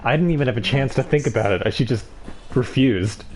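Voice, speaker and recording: A man's voice: medium pitch, a little fast, darkish tone. A man streaming a game live, giving sarcastic, mocking commentary on what he sees.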